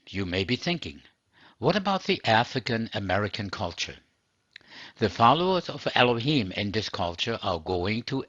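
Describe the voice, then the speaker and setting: Husky, low-voiced man preaching earnestly. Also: a bit bright, dry recording, lo-fi sound. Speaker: religious teacher. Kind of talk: scripted sermon narration.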